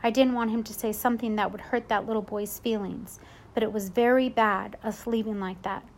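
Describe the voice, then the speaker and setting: A woman's voice: medium pitch, steady tone, fairly quick, lightly acted. A woman reading a storybook, voicing a stern but caring babysitter who scolds firmly and calls on the Lord. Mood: regretful. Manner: scolding, firm, God-fearing.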